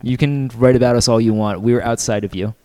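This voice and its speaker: Man, podcast guest, nasal voice, medium pitch, blunt and opinionated, casual chat. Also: fairly even intonation, a little fast, darkish tone.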